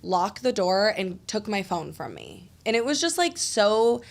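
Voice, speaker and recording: Animated young woman telling a story. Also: mid-range voice, a little slow, creaky. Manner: animated storytelling, heavy "like" fillers, frequent swearing. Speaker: podcast host. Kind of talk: casual podcast chat, personal story.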